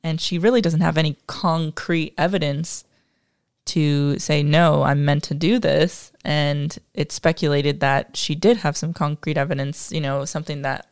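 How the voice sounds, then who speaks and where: Woman co-host, gravelly voice, dry close sound, casual, reads from notes with self-deprecating asides. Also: sits low, steady tone, moderate pace, no echo. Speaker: podcast co-host. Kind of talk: casual history discussion.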